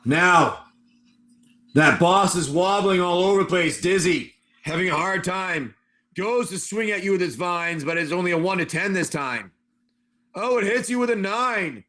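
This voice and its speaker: A man running a tabletop game on a livestream, narrating dice rolls and combat in an animated, excitable way. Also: high voice, measured pace. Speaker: game master.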